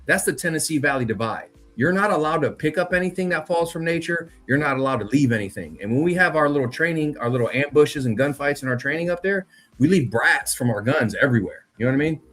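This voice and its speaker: A man's voice: a little high, animated, fast, fairly bright tone. A man telling a spooky story in a loose, profane, slang-heavy casual chat, talking directly to his co-host. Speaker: podcast co-host.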